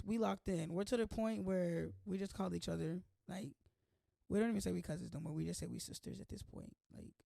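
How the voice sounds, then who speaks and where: A young woman hosting her own vlog, playful and chatty, with a slightly hoarse voice and constant "like"s. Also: fairly high pitch, darkish tone, dry recording, studio quality. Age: young adult. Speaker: host. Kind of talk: casual vlog chat.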